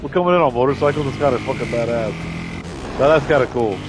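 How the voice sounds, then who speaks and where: A man's voice: mid-range voice, fast talker, noisy background. A man streaming a shooter game live, cursing and trash-talking his opponents. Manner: profane trash talk, shouts at enemies. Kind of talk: live gameplay commentary.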